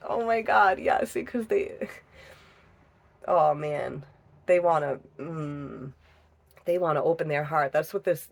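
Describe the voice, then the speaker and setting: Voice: medium pitch, creaky, husky. A tarot reader giving a casual reading into a phone, chatty and profane, laughing often.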